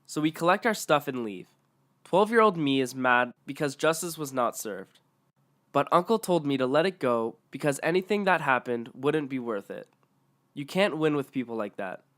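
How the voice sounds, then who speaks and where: A man's voice: medium pitch, animated, normal speed, fairly bright tone. A man narrating online stories aloud in a matter-of-fact way.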